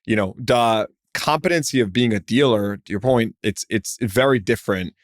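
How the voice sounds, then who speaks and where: A man hosting a podcast, chatty and conversational, with lots of fillers and quick asides. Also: lowish voice, no room sound, studio quality. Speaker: podcast host. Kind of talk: casual interview talk.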